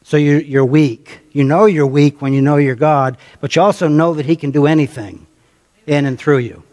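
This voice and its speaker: A man's voice: on the high side, moderate pace, a little mellow. A male pastor with an American accent preaching a sermon, conversational, calling on the congregation and repeating phrases for emphasis. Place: church sanctuary. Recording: long reverb of a church hall.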